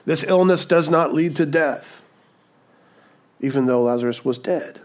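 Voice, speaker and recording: A man preaching a sermon, dynamic and conversational, rising to emphatic peaks and dropping to hushed moments, often checking in with his listeners. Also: a little high, a little slow. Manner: conversational, checks in with "okay?" and "right?". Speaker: pastor.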